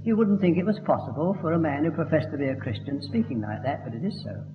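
A man delivers a sermon with emphatic, fervent declamation in a fairly high voice. His words ring out through a long reverberant hall, with faint music underneath. The recording itself sounds dull and lo-fi. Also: sing-song, fast. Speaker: preacher.

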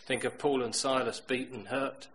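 A man's voice: mid-range voice, steady tone, moderate pace, rough recording. Storytelling male preacher with faint hiss. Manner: storytelling, swings from loud emphatic to quiet. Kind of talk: sermon.

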